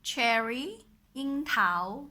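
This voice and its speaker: Bright, slow-speaking woman. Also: a little high, lively intonation. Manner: slow, deliberate answers. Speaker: game player. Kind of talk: casual game play.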